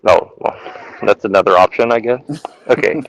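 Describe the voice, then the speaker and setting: A man's voice: on the low side, normal speed, creaky, poor audio. A man co-hosting a casual podcast, rambling and joking, and reading short lines of his own verse aloud. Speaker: podcast co-host.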